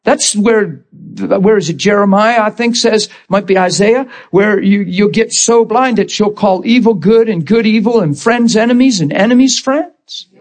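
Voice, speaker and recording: High-voiced man preaching with dramatic fervor. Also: moderate pace, hardly any pauses. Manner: emphatic, dramatic retelling with sudden loud bursts. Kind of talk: sermon storytelling.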